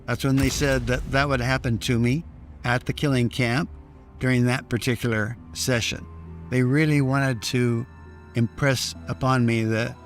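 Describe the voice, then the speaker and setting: A man giving documentary testimony about being held hostage, speaking in a sober, measured way. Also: medium pitch, fairly even intonation. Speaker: former hostage recounting captivity. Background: faint music.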